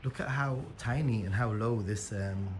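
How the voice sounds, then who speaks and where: A man's voice: lowish voice, normal speed, background noise. A British man chatting casually on a live walking vlog through suburban streets, easygoing and rambling, laughing often. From Britain. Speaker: vlogger.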